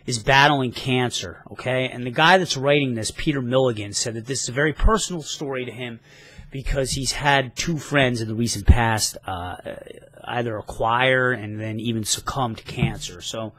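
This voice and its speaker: A man's voice: mid-range voice, normal speed, fairly bright tone, no echo. A man talking casually in a rambling, enthusiastic comic book review vlog, now and then swearing.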